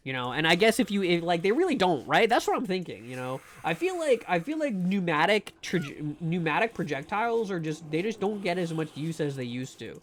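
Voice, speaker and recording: A man's voice: sits high, big pitch swings, brisk, hardly any pauses, slight background noise. A man streaming a game live, chatting casually to his viewers in a rambling, joking way and often stumbling over words. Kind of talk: casual live gameplay commentary.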